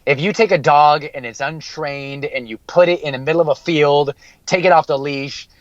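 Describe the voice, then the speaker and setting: A man's voice: fairly high pitch, moderate pace, dry recording, lo-fi sound. A man working as a mental skills coach, giving an earnest podcast interview and repeating key phrases for emphasis.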